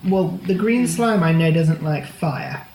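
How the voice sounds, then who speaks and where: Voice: mid-range voice, lively intonation, unhurried, reverberant, over a noisy crowd, low-quality recording. A player in a tabletop game, making dry, wry remarks.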